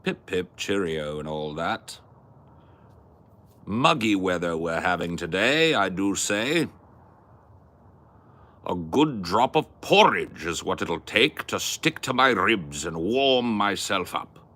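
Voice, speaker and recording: A man putting on a pompous, posh English gentleman with an affected, plummy delivery. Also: deep voice, animated, slow, heavily acted.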